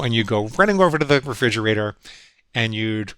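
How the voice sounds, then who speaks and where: A middle-aged psychologist appears as a guest in a storytelling conversation, earnest and reflective, quoting the voices in his own head. His voice is lowish, quick and lively in intonation, a bit bright with a clear, resonant tone, recorded dry and close.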